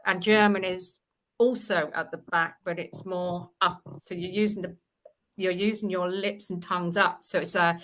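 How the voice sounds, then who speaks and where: Actress lady on a stream, bright punchy voice, demoing accents, lots of ums. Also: fairly low pitch, steady tone, normal speed. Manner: explains by demonstrating accents, with many fillers. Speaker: actress and voice performer. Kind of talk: casual group chat on a live stream.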